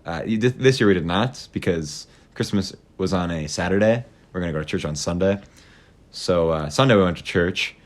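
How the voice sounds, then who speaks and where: Young male podcast host, low-ish voice, casual and profane storyteller. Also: moderate pace. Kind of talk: casual chat.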